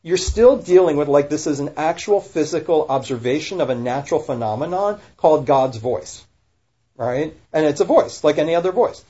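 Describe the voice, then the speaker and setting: A man's voice: a little high, expressive, normal speed, dark tone. A man, a rabbi, talking casually and animatedly, firing rhetorical questions and correcting himself mid-sentence. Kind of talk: casual podcast discussion. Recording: dull lo-fi recording.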